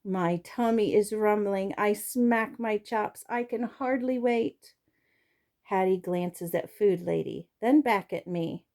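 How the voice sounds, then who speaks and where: A woman reading a children's chapter book aloud with an expressive, storytelling delivery. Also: mid-range voice, slow pace. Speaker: reader.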